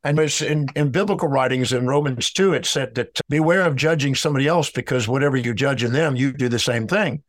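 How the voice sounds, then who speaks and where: A man's voice: medium pitch, a little fast, hardly any pauses, no room sound. A man telling a story in an interview, lecturing emphatically and acting out both sides of a dialogue. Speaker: speaker on emotional healing.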